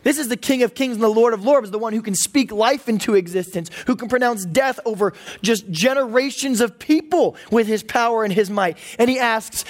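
Pastor preaching, lively and jokey, talks straight to the crowd. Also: mid-range voice, a little fast, hardly any pauses. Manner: animated, comic asides to the congregation. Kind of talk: sermon.

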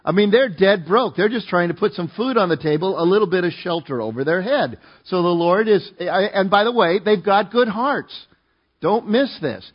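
A man's voice: sits high, expressive, normal speed, husky, dull audio. A man preaching a sermon, reading scripture verse by verse and explaining it in a conversational way, often asking his listeners to join in. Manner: conversational, asks the congregation to join in. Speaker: pastor.

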